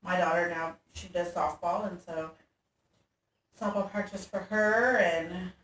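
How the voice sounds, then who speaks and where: A woman's voice: on the low side, fairly even intonation, a little slow, fairly bright tone. A woman who is a guest in a casual interview, talking candidly with many fillers. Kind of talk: casual chat. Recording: roomy echo from a distance, faint ambience.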